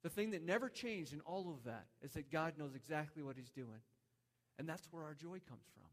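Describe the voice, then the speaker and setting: A man's voice: fairly high pitch, lively intonation, a little fast. A man in his thirties preaching a sermon, telling a story earnestly, with many restarts. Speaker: pastor. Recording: long hall reverb.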